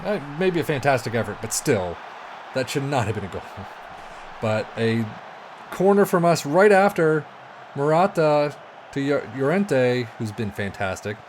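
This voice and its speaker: A man giving excitable, exasperated let's-play commentary on a football management game, swearing and talking to himself as the match goes. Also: mid-range voice, normal speed, a little hiss or hum. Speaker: video game streamer.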